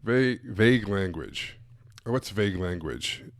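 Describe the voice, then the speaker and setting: Man, sales coach, live-stream talk, blunt and emphatic, low voice, dry close sound. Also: lively intonation, unhurried, no room sound. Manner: blunt, emphatic, casual with frequent asides.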